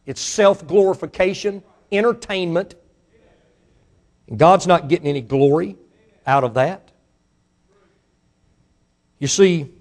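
A pastor with a Mississippi Southern accent preaching a sermon, his voice swelling to fiery shouts and then falling to a hushed prayer. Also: a little high. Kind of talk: sermon with altar call.

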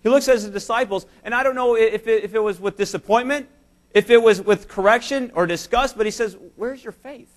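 Preaching briskly in a notably high voice, a man delivers an emphatic church sermon during a service. He tells stories directly to the congregation to illustrate his points.

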